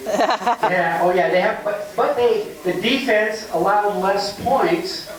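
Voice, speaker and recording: High, slow bantering man in echoey hall. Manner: bantering, laughing. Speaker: past council chair. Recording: echoey hall from far off, crowd.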